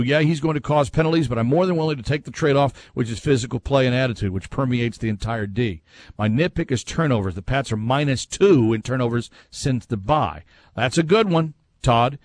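A man's voice: on the high side, no echo. A man hosting a casual sports talk show, reading out listener messages and giving his own opinions. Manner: conversational, reads listener messages aloud and reacts with opinions.

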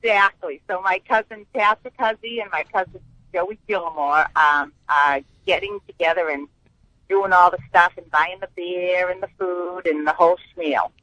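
A woman phones in to a sports talk show, chatting cheerfully and easily. Her voice is bright and forward. The sound is dry and close. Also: on the low side, steady tone, moderate pace, dry recording, low-quality recording. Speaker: caller, fan club organizer. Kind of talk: casual phone-in chat.

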